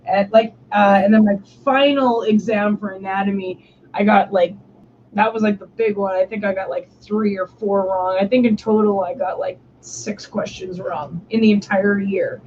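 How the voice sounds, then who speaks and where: A woman's voice: mid-range voice, fairly even intonation, moderate pace, darkish tone. Young woman, stream host, casual storytelling, lots of swearing and "like", lo-fi dull audio, faint background hiss. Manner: swears often, heavy use of "like".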